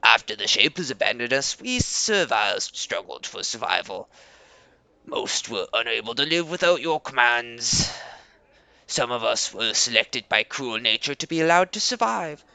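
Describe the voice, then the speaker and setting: A man voicing a proud, guarded male leader of a servile tribe in a fantasy game, speaking in a formal, measured way. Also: mid-range voice, big pitch swings, gravelly, bright, forceful tone, clear, resonant tone, pitched below the performer's own voice, full character voice.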